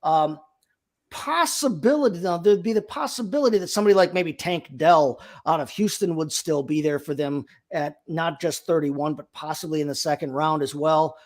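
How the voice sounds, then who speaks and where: A man with a fairly high voice hosting a casual sports chat. He keeps the talk moving, tossing questions to his guests and adding his own energetic takes. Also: normal speed. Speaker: show host.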